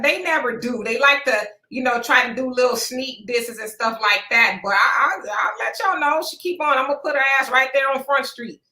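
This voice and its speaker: In an echoey room, a woman with a bright, high-set voice hosts a casual live-stream chat. She reads viewer comments aloud in a laid-back, folksy way and laughs often.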